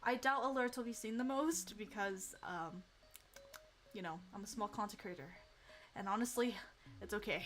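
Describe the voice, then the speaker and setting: A young woman streaming casually, excitable and giggly, with lots of fillers and restarts. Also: medium pitch, normal speed, pauses often. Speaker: VTuber streamer. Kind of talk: casual livestream chat.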